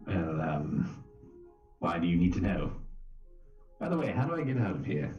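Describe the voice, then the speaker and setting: Male player, very low voice, curt in character; muffled, roomy, distant sound with music. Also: sing-song, moderate pace, a little mellow. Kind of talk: in-character tabletop role-play.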